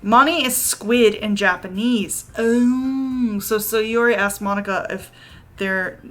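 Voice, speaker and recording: A woman streamer giving casual, giggly game commentary with animated reactions. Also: medium pitch, slow.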